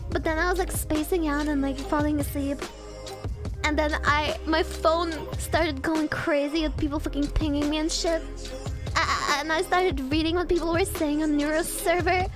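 A young woman streamer reacting in casual talk, excitable, stammering, laughing often and swearing a lot. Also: high voice, moderate pace, over music.

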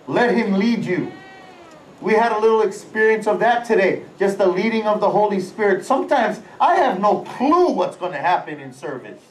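A high-pitched man delivers a lively sermon, full of animated bursts and sound-effect words. His voice rings through a large, echoey auditorium from a distance, with faint ambience behind it. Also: fairly quick, few pauses, slight background noise. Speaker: senior pastor. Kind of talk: live sermon. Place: large auditorium during a church service. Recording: echoey hall, voice away from the mic, faint ambience.

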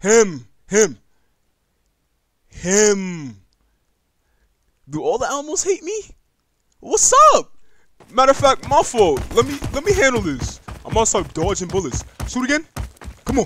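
Young male gaming YouTuber, high voice, excitable, slangy, yelps when spooked. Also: measured pace, long pauses, a little hiss or hum. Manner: excitable and slangy, jumps to yelps when startled, talks to game creatures. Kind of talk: casual gaming commentary.

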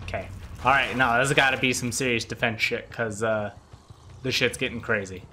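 A young man giving excitable, trash-talking gameplay commentary, swearing freely as he plays. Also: mid-range voice, moderate pace, slight background noise. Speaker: gaming video creator.

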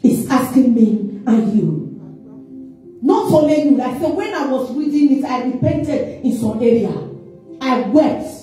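A woman's voice: high-pitched, big pitch swings, measured pace, warm tone. Echoey woman evangelist preaching from afar. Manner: call-and-response preaching, asks questions and answers them. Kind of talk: sermon. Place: church hall. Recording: echoey room, distant mic, faint music.

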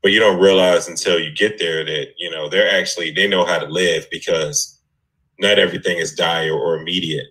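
A man from the United States on a discussion panel, telling his story in a relaxed way with small laughs. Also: low voice, normal speed, low-quality recording.

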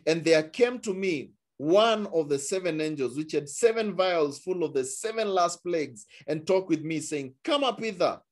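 Emphatic preacher man, higher voice. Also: animated, moderate pace, few pauses. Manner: emphatic, repeats phrases, stumbles on words. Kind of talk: sermon with scripture reading.

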